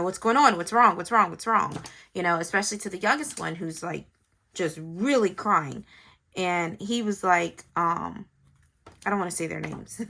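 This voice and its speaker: This woman, a planner vlogger and mother, talks casually to her viewers as she decorates a planner, thinking aloud and recounting a family story. Her voice sits on the low side and sounds gravelly, pushed and bright.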